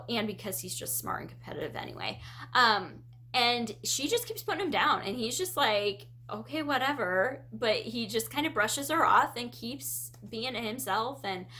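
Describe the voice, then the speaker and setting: A woman with a bright, somewhat high voice talks through a book tag in a casual vlog. She is animated and jumps into playful quoted reactions as she goes. Her tone is chatty and expressive. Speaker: book vlogger; parent.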